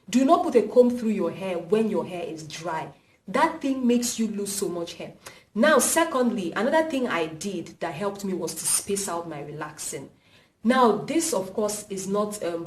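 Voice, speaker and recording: A woman's voice: medium pitch, a little mellow. A young Nigerian woman with a Nigerian accent, giving hair-care tips in a casual vlog and repeating her points for emphasis. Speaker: vlogger. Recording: roomy echo, mic at a distance.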